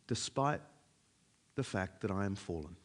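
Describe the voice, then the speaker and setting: A man's voice: sits low, lively intonation, measured pace. A man preaching a sermon in a conversational way, with frequent fillers.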